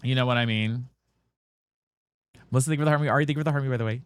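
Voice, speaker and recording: A mid-range male voice races along, clean in tone and free of echo. The man is livestreaming a game, casually chatting with his audience of "girl and guys," cursing, and repeatedly asking teammates whether they've got mics.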